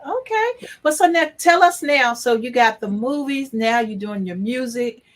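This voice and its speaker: Female radio host, slightly high voice, short prompting questions. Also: animated, normal speed. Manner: brief prompting questions, frequent "mm-hmm". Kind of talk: casual interview.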